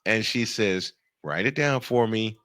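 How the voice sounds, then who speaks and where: A man hosting a radio show, telling a funny story in casual chat, animated and laughing often. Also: fairly low pitch, no echo. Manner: animated, laughing, quick bursts of speech. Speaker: radio and podcast host.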